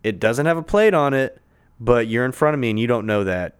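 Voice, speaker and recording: A man with a smooth, resonant voice at an ordinary middle pitch tells a long, rambling story. His talk is loose and profane, packed with fillers. He is recorded in a conference room. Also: animated, fairly quick. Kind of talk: casual storytelling chat.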